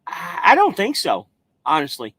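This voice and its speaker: An American man hosting a trucking live stream. His voice sits a bit high, and he talks in a loose, rambling way with the odd swear. The sound is dry and close. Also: huge pitch swings, normal speed, fairly bright tone, husky, no echo. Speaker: trucking livestream host. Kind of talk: casual live-stream chat reading viewer comments.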